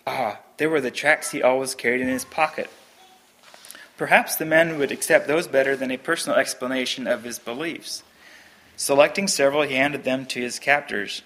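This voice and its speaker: A man's voice: mid-range voice, bright, forceful tone. A man reading a Christian story aloud in an earnest, plain storytelling manner, then chatting about it. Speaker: reader.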